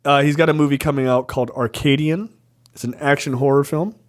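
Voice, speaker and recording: A man co-hosting a podcast, chatting casually about movies, animated, laughing and swearing. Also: on the high side, fairly quick. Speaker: podcast co-host.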